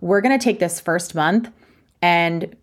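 A woman's voice: lowish voice, takes it slowly. A young woman hosting her own podcast as a fitness coach, talking frankly and chattily, poking fun at herself. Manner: frank, chatty, self-deprecating. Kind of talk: candid solo podcast talk.

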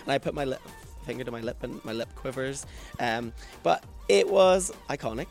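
A man's voice: medium pitch, animated, normal speed, creaky, soft background music. A Northern Irish man in his twenties, a drag performer telling stories as a guest in a casual interview. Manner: chatty, self-mocking storyteller.

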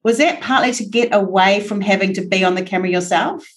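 A woman with a New Zealand accent hosting a casual podcast interview, bubbly and quick to laugh. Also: medium pitch. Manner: chatty and bubbly, laughs often. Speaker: podcast host.

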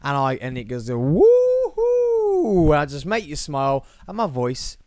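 A lively man with a Birmingham accent hosts his own podcast, chatty and playful with quick jokey asides. His voice sits at an ordinary middle pitch. The sound is close and dry. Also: smooth, dry recording. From England. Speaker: podcast host. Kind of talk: solo podcast chat.

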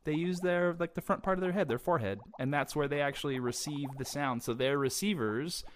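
A man's voice: on the high side, fairly quick, a little hiss or hum. A young man co-hosting a casual science chat for kids, playful and explaining things with jokes. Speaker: co-host.

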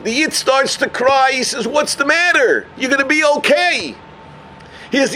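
A man delivering a sermon as a rabbi. He tells a story with Yiddish and Hebrew terms and builds to emphatic, near-shouted points. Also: very high voice, sing-song, moderate pace, a little hiss or hum. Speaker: rabbi giving a Torah talk.

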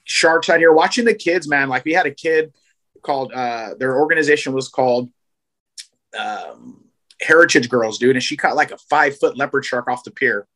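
A man from Southern California in casual podcast chat, telling animated fishing stories full of slang. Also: mid-range voice. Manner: fast, animated storytelling with slang. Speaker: guest, fishing program organizer.

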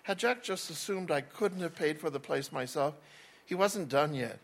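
Man, novel read aloud, wry, slightly high voice, small slips and restarts. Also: normal speed, vocal fry. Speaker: narrator.

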